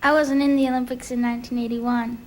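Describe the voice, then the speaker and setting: A woman's voice: fairly high pitch, little pitch movement, fast talker. A young woman contestant on a game show, giving short, plain answers. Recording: noisy old TV broadcast.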